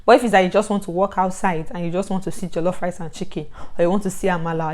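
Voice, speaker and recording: A woman from Nigeria with a Nigerian accent, giving chatty advice in a vlog, animated and given to loud bursts. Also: lowish voice, fast talker. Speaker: vlogger.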